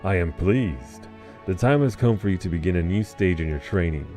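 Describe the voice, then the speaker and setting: A man voicing a stern male warrior guild master as he reads game dialogue aloud, formal and measured. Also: low-pitched, lively intonation, mellow, faint music behind. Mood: solemn. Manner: formal, solemn, measured delivery.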